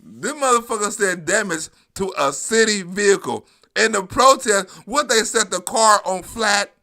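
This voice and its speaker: A man's voice: high-pitched, moderate pace, creaky, pushed and bright. A middle-aged man from New York giving profane, mocking live-stream commentary on news clips, laughing and swearing constantly.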